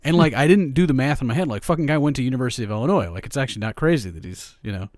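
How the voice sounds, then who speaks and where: A man's voice: mid-range voice, lively intonation, rapid-fire, darkish tone, no room sound, clean studio sound. Profane, rambling man talking football. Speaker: podcast co-host. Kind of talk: casual sports chat.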